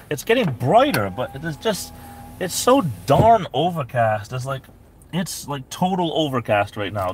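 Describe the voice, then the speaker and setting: A man's voice: mid-range voice, a little hiss or hum. A man hosting a casual live stream from his parked SUV, rambling on and greeting viewers by name. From New England.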